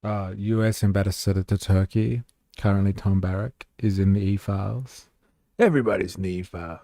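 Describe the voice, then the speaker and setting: Australian male streamer, young, low pitch, dry close mic, loose and sweary commentary. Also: steady tone, a little fast, warm tone, no room sound. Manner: laid-back, profane, laughs often, reads chat aloud. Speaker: livestream host. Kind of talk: casual livestream commentary.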